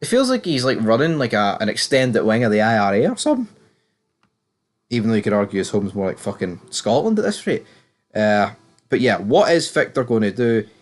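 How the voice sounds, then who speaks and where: A man's voice: on the low side, big pitch swings, fairly quick. Sweary British man recapping a show. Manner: rambling, sweary, opinionated. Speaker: TV series reviewer. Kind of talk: casual episode recap commentary.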